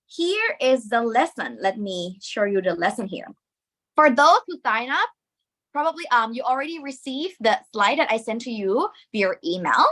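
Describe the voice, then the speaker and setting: A woman with a Thai accent teaching a live online lesson, lively and encouraging, dropping Thai particles into her English. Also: on the high side, normal speed.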